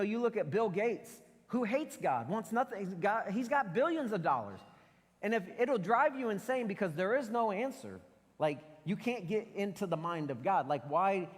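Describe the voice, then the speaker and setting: Man preaching casually in a reverberant church. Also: a little high. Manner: casual, animated storytelling with acted-out quotes. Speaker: pastor. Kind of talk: sermon. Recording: church hall with long reverb.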